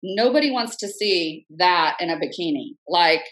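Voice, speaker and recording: Animated woman in her fifties telling a story. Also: fairly low pitch, moderate pace, poor audio. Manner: animated, acts out quoted speech, frank. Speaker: podcast guest, entrepreneur. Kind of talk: conversational storytelling.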